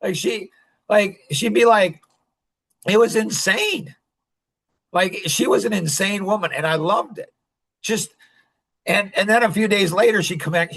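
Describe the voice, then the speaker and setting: Male podcast host, slightly high pitch, loose rambling delivery with frequent chuckles. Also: measured pace, vocal fry, long pauses, a bit bright. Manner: rambling, chuckling, heavy use of "like". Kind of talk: casual podcast chat.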